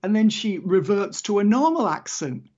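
A man's voice: sits high, sing-song, moderate pace, darkish tone. A man co-hosting a podcast, talking in an exasperated, rambling, emphatic way. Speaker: podcast co-host. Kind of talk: casual chat. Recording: muffled lo-fi audio.

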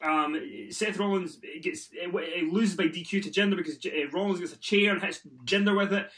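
A man with a high, slightly bright voice hosts a casual wrestling podcast, speaking briskly. Sweary and exasperated, he rattles off a recap full of ums.

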